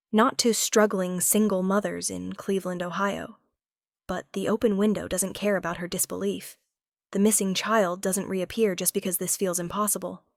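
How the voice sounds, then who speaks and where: A woman narrating a scripted romance story in a measured, dramatic storytelling style, recorded on a close mic. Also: medium pitch, no echo.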